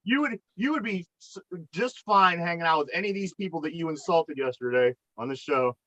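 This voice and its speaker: A man's voice: a little high, a little fast, a bit bright, no room sound. A man co-hosting a casual podcast chat, teasing and rambling with repeated words, on a dull lo-fi mic. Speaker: podcast co-host.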